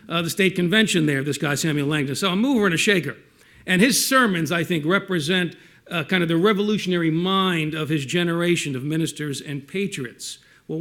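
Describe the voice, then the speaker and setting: A man's voice: sits high, pushed and bright. A man in his forties with a Brooklyn accent, responding in a public talk with a casual manner and joking asides.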